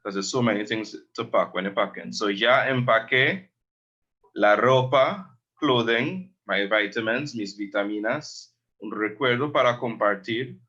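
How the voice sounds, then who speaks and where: A man teaching a language lesson, slowly explaining words and repeating them. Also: on the low side, pushed and bright, muffled recording.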